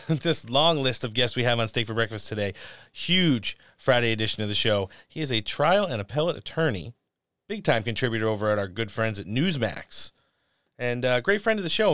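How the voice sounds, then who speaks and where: A man's voice: mid-range voice, lively intonation, fairly quick, fairly bright tone, no echo, studio quality. A man hosting a talk show, chatting loosely and swearing offhandedly. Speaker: podcast host. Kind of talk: casual talk show chat.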